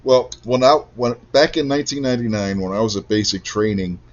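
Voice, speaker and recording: A man's voice: medium pitch, brisk. A man in his forties hosting a podcast in a casual political chat, blunt and opinionated and swearing freely. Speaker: podcast host. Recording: dull lo-fi sound.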